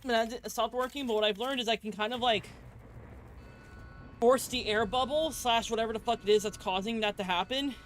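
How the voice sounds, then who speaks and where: A woman's voice: fairly high pitch, fairly quick, slight background noise. Rambling, chatty woman streaming a game. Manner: rambling, chatty, swears freely, laughs often. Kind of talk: casual live-stream chat.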